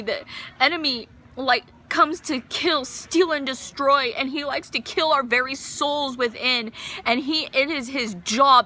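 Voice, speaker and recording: A woman with a fairly high, bright voice tells her personal faith testimony. She speaks earnest and emotional, rising to fervent conviction. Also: slight background noise. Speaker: bereaved mother giving testimony.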